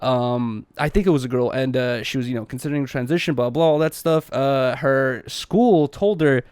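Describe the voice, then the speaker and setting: A man's voice: mid-range voice, fairly quick, hardly any pauses, darkish tone, clean tone, dry recording. A young man hosting a podcast, talking loosely in slang with lots of swearing. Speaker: podcast host. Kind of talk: casual podcast chat.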